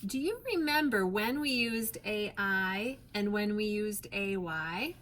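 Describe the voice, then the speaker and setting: Slow, patient woman teaching phonics. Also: mid-range voice, expressive, fairly bright tone. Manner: slow, clear, patient, stretches out sounds. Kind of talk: phonics lesson for young children.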